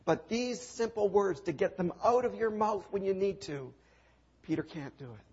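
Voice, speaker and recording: A man preaching a sermon in a slightly high, gravelly voice with a husky edge. He retells the story dramatically, leaning on rhetorical questions and repeated refrains. The recording sounds dull and lo-fi. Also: animated, normal speed.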